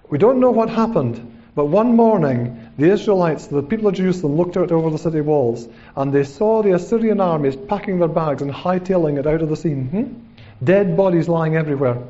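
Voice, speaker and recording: A man preaches a sermon conversationally, often checking in with a rhetorical "hmm?" and dramatically acting out quotes as he retells events. His voice is fairly high and warm, on a dull lo-fi recording.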